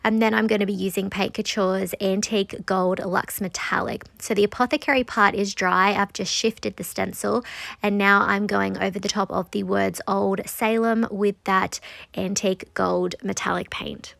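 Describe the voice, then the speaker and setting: Woman, craft tutorial host, congested and nasal, creaky edges, dry close voice-over. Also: medium pitch, moderate pace, no room sound. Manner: calm step-by-step explaining. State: nasal from sinus trouble.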